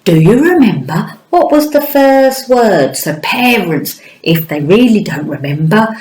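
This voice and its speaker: A woman teaching a children's phonics lesson, encouraging the children and sounding out words slowly for parents and children at home. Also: medium pitch, very animated, darkish tone. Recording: echoey room.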